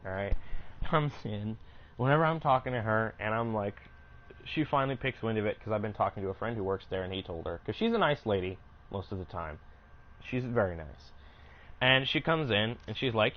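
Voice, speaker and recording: Young man, low pitch, rambling storyteller, profane, self-interrupting, dull recording. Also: animated, brisk, slight background noise. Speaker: gaming streamer. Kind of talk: casual storytelling while gaming.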